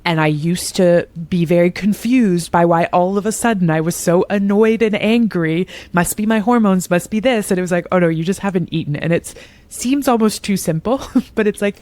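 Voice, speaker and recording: A woman's voice: mid-range voice, normal speed, a little mellow, dry recording. A woman in her thirties hosting a podcast interview, talking in an enthusiastic, chatty and self-deprecating way. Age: 30s. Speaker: podcast host. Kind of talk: conversational interview.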